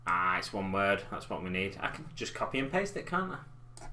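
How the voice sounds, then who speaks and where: Bright-voiced man rambling casually. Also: low voice, big pitch swings, moderate pace, a little hiss or hum. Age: 30s. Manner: rambling, self-deprecating, chatty. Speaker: live stream host. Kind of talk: casual chat while painting miniatures. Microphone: desk mic in front of keyboard.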